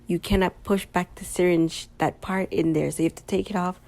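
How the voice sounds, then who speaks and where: A tired woman vlogger narrating her own craft video in a chatty, casual voice. She talks straight to the viewers, and her voice sits a little low with a gravelly fry. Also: fairly even intonation, fairly quick, darkish tone. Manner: chatty, addresses viewers directly. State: tired and yawning. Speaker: small business owner and vlogger. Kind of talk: casual voice-over of a craft tutorial.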